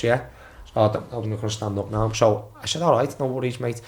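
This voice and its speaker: A former footballer in his twenties, guesting on a podcast, tells casual anecdotes and acts out quotes in a raised voice, swearing freely and restarting his sentences. His mid-range voice holds a steady tone, and he talks fast.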